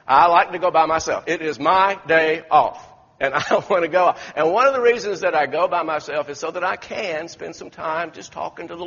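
Folksy stories and many restarts fill this sermon from a pastor in a church sanctuary. His fairly high voice sounds pushed and bright with a breathy edge, and the echoey hall comes through on a dull, lo-fi recording.

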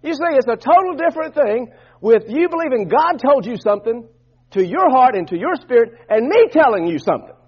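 A man preaching a sermon as pastor, swinging from loud bursts to soft, low asides. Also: big pitch swings, fairly quick, slightly rough, dull audio.

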